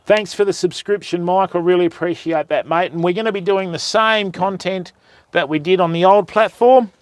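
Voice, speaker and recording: A man's voice: sits high, moderate pace. An older man with an Australian accent, hosting a fishing livestream in casual, rambling chat with jokes and the odd swear, outdoors by a river. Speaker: fishing channel host.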